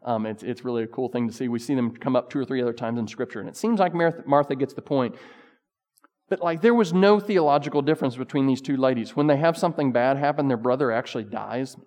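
Male pastor, mid-pitched, casual conversational sermon delivery with emphatic peaks, recorded in a reverberant hall. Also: fast, a little mellow.

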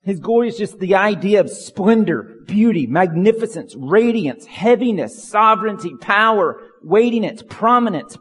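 Pastor, male, fairly high husky voice, earnest sermon, long hall reverb. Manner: earnest preaching, builds in intensity through long lists. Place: church sanctuary.

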